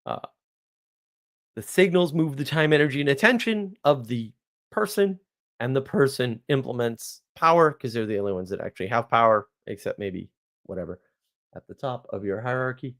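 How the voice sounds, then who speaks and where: A man talking live to his stream in a loose, unscripted monologue. He rambles from story to story and keeps checking in with a quick "right?" His voice sits at an ordinary middle pitch, and he laughs easily as he goes. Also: animated, fairly bright tone. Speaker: livestream host.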